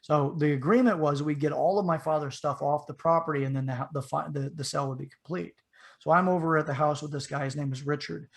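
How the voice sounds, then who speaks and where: A man with a fairly high voice, relaxed and conversational. He rambles through a story from his childhood, stopping to correct himself and slipping into the voices of the people he describes. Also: quick pace, gravelly. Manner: rambling, frequent restarts and asides, acts out the people in the story. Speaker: podcast co-host telling a childhood story. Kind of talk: casual storytelling.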